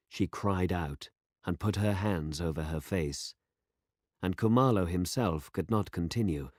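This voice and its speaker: A man narrating a story for English learners, reading slowly, clearly and deliberately. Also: low-pitched, darkish tone, no room sound, clean studio sound. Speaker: story reader.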